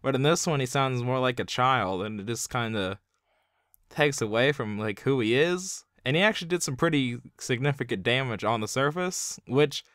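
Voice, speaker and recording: A man's voice: mid-range voice, expressive, normal speed, a bit bright, clean tone, no room sound, clean studio sound. A young man giving a casual spoken review, rambling with constant filler words. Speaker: video reviewer.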